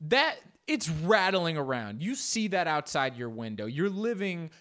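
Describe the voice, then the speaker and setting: A man reacting to a news clip in casual commentary, joking and jumping into exaggerated voices. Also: unhurried. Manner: animated, joking, jumps into exaggerated high-pitched voices. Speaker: reaction video host.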